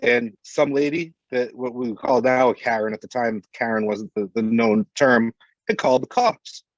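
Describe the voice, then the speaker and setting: A man's voice: mid-range voice, normal speed, no room sound. A man with a mid-range voice speaks bluntly in a casual podcast chat and does not hold back on swearing. His sound is dry and a bit dull, as if from a modest mic.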